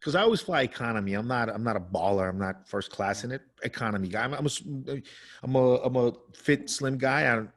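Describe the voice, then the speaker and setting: A man's voice: mid-range voice, expressive, brisk, a bit bright. A man co-hosting a podcast in casual, loose chat, swearing and laughing often. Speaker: podcast co-host.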